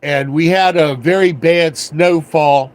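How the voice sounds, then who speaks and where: Older guy rambling slow on a livestream, folksy and wry, kinda high voice. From Washington area, USA. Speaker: livestream host. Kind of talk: casual storytelling livestream.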